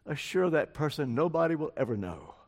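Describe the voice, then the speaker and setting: A man's voice: on the high side, very animated, fairly quick, darkish tone, breathy edge. An older man preaching a sermon, telling a story and acting out the quoted lines of its people. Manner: storytelling, acts out quoted dialogue. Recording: long hall reverb.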